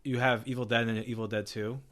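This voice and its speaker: A man's voice: medium pitch, little pitch movement, a little fast, a bit bright. A man co-hosting a casual movie podcast, laid-back and swearing freely, dropping drawled asides. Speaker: podcast co-host.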